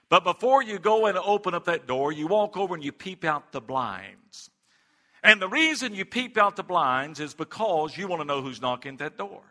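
A middle-aged man preaching a sermon as pastor, moving from earnest prayer to lively, animated storytelling. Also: a little high. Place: church sanctuary. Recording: long hall reverb.

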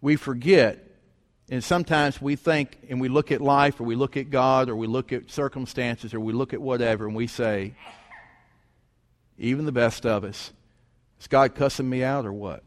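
A man's voice: medium pitch, fairly even intonation, moderate pace. A middle-aged man preaching a folksy, conversational storytelling sermon with rhetorical questions. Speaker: pastor. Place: church sanctuary. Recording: long church hall reverb.

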